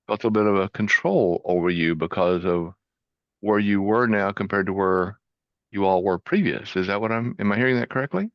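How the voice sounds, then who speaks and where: Low-voiced man host, gentle and sympathetic, dull dry sound. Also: normal speed, no echo. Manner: gentle, sympathetic interjections and questions. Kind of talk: podcast interview.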